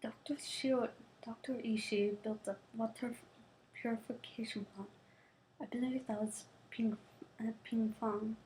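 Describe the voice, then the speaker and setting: A woman reading the halting lines of an evasive male prince from a novel. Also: fairly high pitch, fairly even intonation, a little mellow, a little hiss or hum, natural voice, rough recording.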